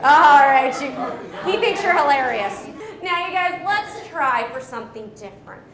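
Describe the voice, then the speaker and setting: A woman's voice: sits high, big pitch swings, moderate pace, echoey room, crowd noise. A woman wildlife educator giving an upbeat live animal presentation to children, asking them questions and laughing often.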